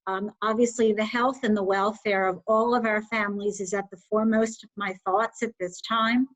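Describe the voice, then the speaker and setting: A woman's voice: medium pitch, steady tone, moderate pace, low-quality recording. A woman school superintendent giving earnest, heartfelt remarks at a board meeting.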